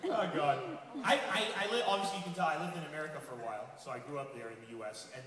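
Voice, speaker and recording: A man from Lebanon performs stand-up, telling stories in an animated way and slipping into other people's voices. His voice sits fairly high, and it is picked up from a distance in a long, echoing hall. A loud crowd and heavy noise fill the background. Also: rapid-fire. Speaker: stand-up comedian. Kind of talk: stand-up comedy set. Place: comedy club stage before a laughing audience.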